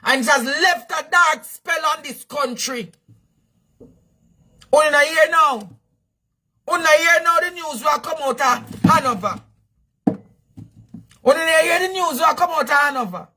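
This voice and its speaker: A Jamaican man hosting news commentary, shouting and repeating phrases for emphasis in a fiery rant. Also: very high voice, measured pace, pauses often.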